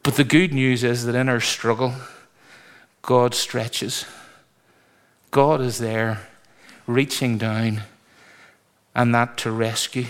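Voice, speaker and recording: Male preacher, mid-pitched voice, lively and emphatic sermon delivery. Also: slow pace.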